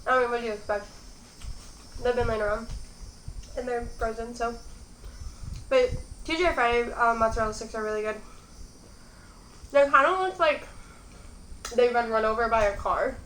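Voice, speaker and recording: A young woman hosts a mukbang, rambling casually between bites in a fairly high, fairly bright voice at normal speed with long pauses. She's recorded in an echoey room at home, with slight background noise and faint crickets.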